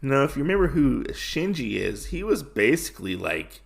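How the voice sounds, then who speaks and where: A man's voice: mid-range voice, sing-song, moderate pace, gravelly. A man hosting a podcast, recapping a comic casually with lots of fillers and restarts. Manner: rambling, many fillers and restarts. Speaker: podcast host.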